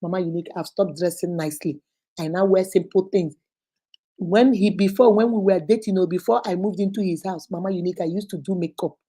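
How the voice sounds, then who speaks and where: A middle-aged Nigerian woman hosting a relationship advice talk, telling a listener's story in a casual, animated way and acting out what people said. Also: lowish voice, a little fast, husky. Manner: animated, acts out quoted speech.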